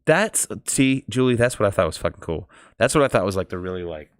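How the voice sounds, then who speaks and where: A man reading a novel aloud on a stream, then chatting casually in an animated, joking way and swearing freely. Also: fairly low pitch, a little fast, no echo, clean studio sound. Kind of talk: storybook reading and casual chat.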